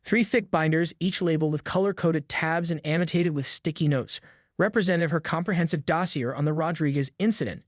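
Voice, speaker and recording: A man's voice: on the high side, fairly quick, no echo, studio quality. A man narrating a dramatic scripted story about a neighborhood dispute.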